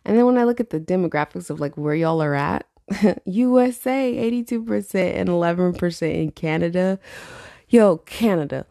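A woman's voice: on the low side, expressive, normal speed, gravelly, dark tone, no echo, studio quality. A woman in her late twenties hosting her own podcast, chatting loosely with lots of swearing and laughter. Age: 20s. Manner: loose, profane, laughs often. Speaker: podcast host. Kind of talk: casual solo podcast chat.

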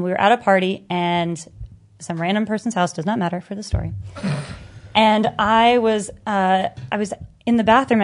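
A young woman in her twenties, chatting casually as she tells an animated story and lifts her pitch when she quotes herself. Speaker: guest storyteller. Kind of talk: casual chat.

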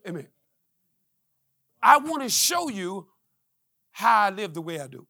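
Gravelly high-voiced preacher man. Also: sing-song, unhurried, pauses often, no echo, clean studio sound. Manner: call-and-response preaching, climbing to shouts; storytelling with quoted dialogue. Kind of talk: testimony sermon.

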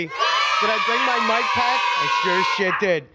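A man's voice: sits high, normal speed, a loud crowd, heavy background noise. A man hosting a podcast in casual chat at home, rowdy and joking, swearing and laughing a lot. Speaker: podcast host.

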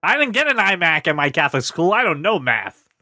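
A man hosting a podcast in casual chat, animated and jokey, teasing his co-hosts. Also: fairly high pitch, a little fast, music in the background. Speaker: podcast host.

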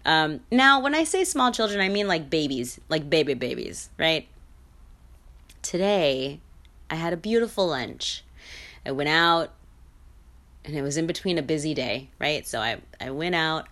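Woman podcast host, lowish voice, casual solo chat, blunt and playful, laughs a lot. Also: expressive, unhurried, fairly bright tone. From mixed heritage. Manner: chatty, blunt, laughs often, playful sing-song asides.

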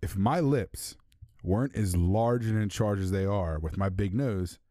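A man's voice: fairly low pitch, unhurried, dark tone, no room sound, studio quality. A man co-hosting a casual sports podcast, loose and joking, laughing often. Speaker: podcast co-host.

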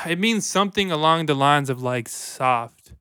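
A man's voice: a little high, expressive, a little slow, sharp tone, clean tone, no echo, studio quality. A man co-hosting a casual podcast, joking crudely in a laid-back way with lots of fillers. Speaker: podcast co-host.

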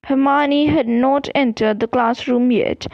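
A woman's voice: sits high, fairly even intonation, unhurried, dry recording. A woman reading a novel aloud, sometimes stumbling and restarting words. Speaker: reader. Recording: dull, dry lo-fi recording.

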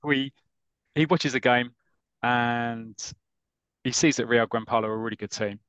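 A man's voice: mid-range voice, normal speed, smooth, dry recording, dull audio. Podcast host, man, mid-range voice, dry close sound, chatty storyteller who acts out bits. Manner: lively storyteller who acts out characters' lines. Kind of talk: casual podcast chat, retelling a comic story.

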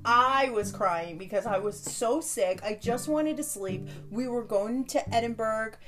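A woman's voice: fairly high pitch, a little slow, over music. A woman co-hosting a podcast, telling travel stories in casual chat and acting out what people said. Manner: animated storyteller, acts out quotes. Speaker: podcast co-host.

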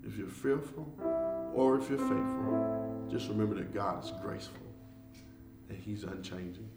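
A man's voice: on the low side, normal speed, far from the mic. Male preacher, fervent, repetitive exhortation, a bit off-mic, guitar bed behind. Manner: builds from soft, reflective talk to loud, fervent preaching with repetition. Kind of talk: online devotional sermon. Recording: echoey room, off-mic, guitar music behind. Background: soft guitar music.

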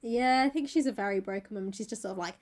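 A woman retelling a novel in casual chat, swearing freely and acting out the characters' lines in quick voices. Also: mid-range voice, darkish tone. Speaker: book podcast host.

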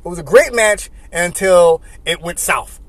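A man hosting casual commentary and telling animated stories with frequent laughter. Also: sits high, a little slow, no echo. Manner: animated storytelling, laughing often. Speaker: host.

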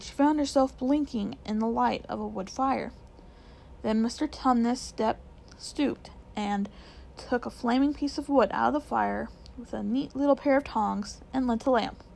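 A woman reading a children's book aloud in a gentle, unhurried way, correcting small slips as she goes. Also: a little high, gravelly, poor audio. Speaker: reader.

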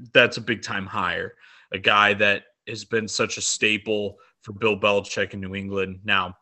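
Bright-voiced man chatting on a podcast. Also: on the low side. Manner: enthusiastic, rambling with fillers. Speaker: podcast co-host. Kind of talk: casual sports podcast chat.

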